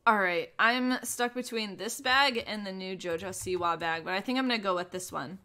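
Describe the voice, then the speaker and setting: A woman's voice: mid-range voice, pushed and bright. A young woman casually commenting on her gameplay, bubbly and gushing, full of "oh my gosh" and "like". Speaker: gaming YouTuber.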